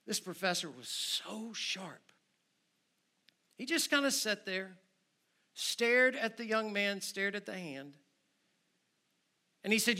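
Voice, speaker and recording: A man preaching a sermon in a church and leading an invitation, swinging between loud urgent appeals and hushed prayerful moments. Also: high-pitched, animated, unhurried, long pauses. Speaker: guest preacher, church member. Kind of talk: sermon with altar call. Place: church sanctuary.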